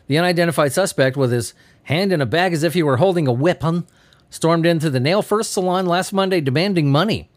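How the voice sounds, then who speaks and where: A male host with a fairly high voice moves briskly through bizarre news stories on his podcast. The commentary is casual and comedic, and he swears freely while laughing in a giddy, sleepy way.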